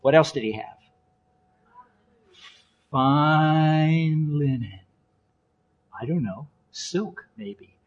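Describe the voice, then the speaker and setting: A man preaching a sermon in an animated, playful way, swinging between loud exclamations and hushed asides. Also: mid-range voice, moderate pace, husky, highs cut off. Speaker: pastor.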